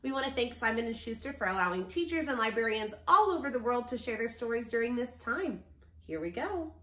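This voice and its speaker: Lively, high-voiced woman music teacher. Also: fairly quick, reverberant. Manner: gentle and animated, asks children questions. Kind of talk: children's music lesson and story reading. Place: at home.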